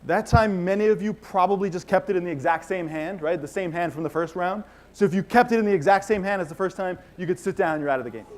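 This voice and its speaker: Performing as a mentalist before a few thousand people in a large conference hall, a man with a fairly high voice talks fast with few pauses. His live show involves audience participation, and he's upbeat and commanding, teasing the crowd as he gives instructions.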